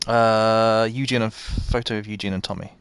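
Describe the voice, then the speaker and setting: A man's voice: lowish voice, fairly even intonation, a bit bright, smooth, dry recording. A British man giving casual, self-deprecating commentary to his chat while streaming a game. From Britain. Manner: self-deprecating, quick asides to chat, laughs often. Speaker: gaming streamer. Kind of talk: casual live gameplay commentary.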